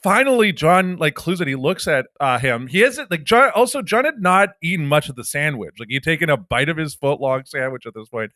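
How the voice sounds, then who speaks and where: Bright-voiced man telling rambling stories. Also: a little high, expressive, fairly quick, hardly any pauses, dry recording, clean studio sound. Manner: rambling storyteller, lots of fillers. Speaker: podcast co-host. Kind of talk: casual chat.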